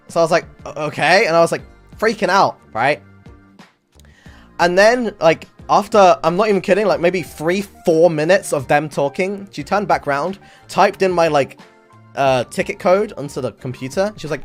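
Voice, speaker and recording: A man streaming, telling a story in casual chat, animated and swearing often, acting out the people in it. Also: fairly high pitch, normal speed, soft background music. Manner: animated, swears a lot, acts out voices in the story.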